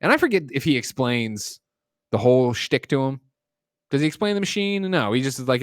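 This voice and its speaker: A man's voice: medium pitch, big pitch swings, fairly quick, no room sound, studio quality. Man rambling through a movie recap. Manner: rambling recap, acting out characters' lines with loud mock quotes. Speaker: podcast co-host. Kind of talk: casual chat, movie plot recap.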